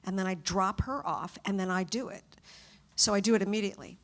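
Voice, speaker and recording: A woman voice actor on a convention panel, telling stories in an animated, chatty way and acting out quotes. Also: medium pitch, brisk.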